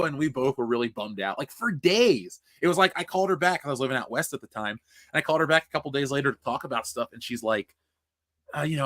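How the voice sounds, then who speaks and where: A man's voice: a little high, lively intonation, fast talker, a bit bright, dry recording. A man hosting a casual livestream, reading chat and ranting bluntly with profanity. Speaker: livestream host.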